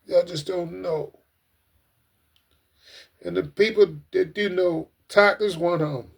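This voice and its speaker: An earnest man with a slightly high voice speaks directly to his livestream viewers in a loose, casual way. He gets emotional, repeats his points over and over, and keeps calling his audience ladies and gentlemen. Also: fairly even intonation, takes it slowly, gravelly, pauses often. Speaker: livestream host.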